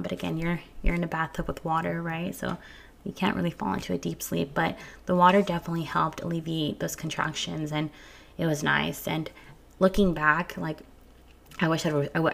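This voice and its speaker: Frank, gravelly-voiced young woman storyteller. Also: lowish voice. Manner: candid and frank, swears freely, frequent restarts and little laughs. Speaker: vlogger telling her birth story. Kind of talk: casual storytelling to viewers. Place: at home early in the morning.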